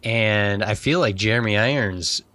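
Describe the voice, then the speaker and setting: A man's voice: on the low side, moderate pace, dry recording. Dry-sounding man talking film. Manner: animated, acts out quoted lines. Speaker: podcast co-host. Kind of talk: casual film discussion.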